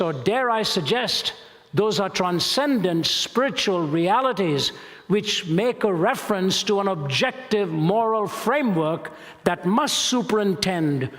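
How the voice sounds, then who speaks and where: An older man from India giving an emphatic, deliberate public lecture as a Christian apologist. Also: high voice, a bit bright. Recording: long reverb of a large hall.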